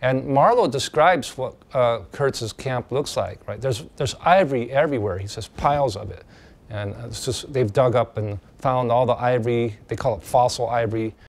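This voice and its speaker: A man's voice: mid-range voice, normal speed. Man lecturing casually to a class. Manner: conversational, with many fillers and restarts. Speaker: teacher.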